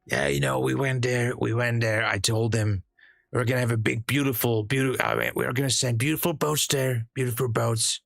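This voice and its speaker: A man's voice: medium pitch, steady tone, a little fast, vocal fry, fairly bright tone, no echo, clean studio sound, soft background music, pitched above the performer's own voice. A man doing a comic impression of a boastful male president, rambling and repeating big superlatives.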